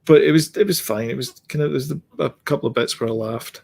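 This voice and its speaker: A man's voice: mid-range voice, fast talker, creaky, a little mellow, breathy edge. A man co-hosting a podcast, giving blunt opinions in casual chat with many ums and restarts. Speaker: podcast co-host.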